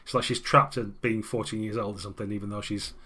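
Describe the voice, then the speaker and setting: A man's voice: on the low side, steady tone, fast, pushed and bright. A man narrating a tabletop game as game master, in a casual, descriptive way.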